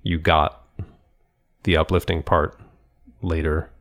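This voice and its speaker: A man's voice: extremely low pitch, flat delivery, slow pace, fairly bright tone. A man co-hosting a casual conversation, telling stories in a thoughtful, rambling way with frequent restarts and laughs. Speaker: podcast co-host.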